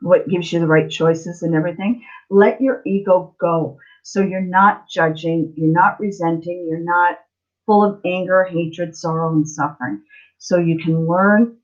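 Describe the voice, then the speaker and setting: A woman's voice: fairly low pitch, steady tone, a little slow, dull audio. A woman tarot reader hosting a live stream, talking casually to viewers about life lessons, repeating herself and often asking "right?". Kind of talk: casual spiritual talk to viewers.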